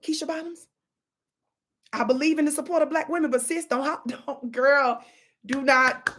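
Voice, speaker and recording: A woman's voice: high voice, moderate pace, long pauses, a bit bright, a little hiss or hum. A woman giving sassy, scolding commentary on video clips, full of dramatic asides. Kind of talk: animated commentary chat.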